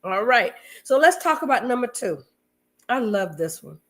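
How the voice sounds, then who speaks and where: Congested, chatty woman with higher pitch. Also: normal speed. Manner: lively storyteller, addresses listeners directly. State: slightly congested from a cold. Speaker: marriage podcast co-host. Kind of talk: casual chat to listeners.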